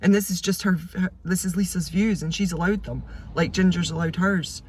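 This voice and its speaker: A woman's voice: lowish voice, a little fast, darkish tone, a little hiss or hum. A woman reviewing a book in a casual vlog. She talks in an effusive, emotional way with many fillers. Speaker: vlogger.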